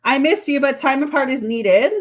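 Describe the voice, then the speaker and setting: A woman's voice: high voice, normal speed. A woman doing a live tarot reading, chatting casually with viewers and reading card messages aloud. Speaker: tarot reader.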